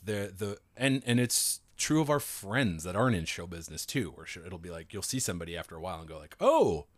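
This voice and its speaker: A man guesting on a comedy podcast, a relaxed storyteller with a dry close sound. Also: deep voice, quick pace, no echo. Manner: relaxed storyteller, acts out quoted voices. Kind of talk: casual comedic chat.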